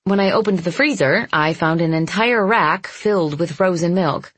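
A woman reads a first-person audiobook in a soft, intimate, measured voice. Her tone is husky and sits a little low, and the recording is close and dry, with no room sound. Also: no echo. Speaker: audiobook narrator.

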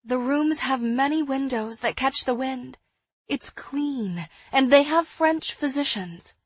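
A woman's voice: high-pitched, slow pace, slightly rough, no echo, pitched above the performer's own voice, full character voice. Woman reading as an earnest young helper. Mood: pleading.

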